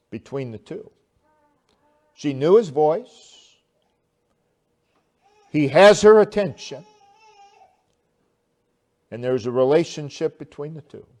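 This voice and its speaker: A man preaching a sermon, slow and deliberate, with long pauses and swelling emphasis. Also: fairly high pitch, darkish tone. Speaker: pastor.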